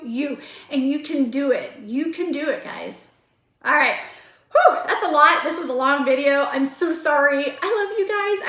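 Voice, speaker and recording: A woman's voice: high-pitched, bright, forceful tone, echoey room. A woman in her forties giving an earnest, emphatic motivational pep talk to her online group. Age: 40s. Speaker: vlogger.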